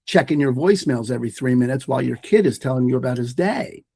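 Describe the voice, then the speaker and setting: A man's voice: medium pitch, expressive, quick pace, a little mellow, breathy edge, no room sound. A man speaking as a guest on a podcast interview, an emphatic mindfulness teacher who makes his points through stories. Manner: emphatic, storytelling, repeats phrases for effect.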